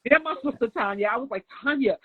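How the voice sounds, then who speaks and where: Middle-aged woman guest, husky voice, animated storyteller who plays out every line of dialogue. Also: a little high, fast, phone-quality sound. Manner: animated, acts out quoted dialogue. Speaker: guest nail artist. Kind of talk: storytelling in a podcast interview.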